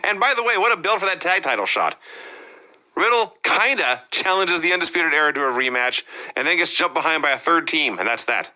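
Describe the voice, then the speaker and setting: A man's voice: on the high side, animated, brisk, bright, forceful tone, low-quality recording. A man co-hosting a wrestling review show, recapping events in a wry, casual way. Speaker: podcast co-host.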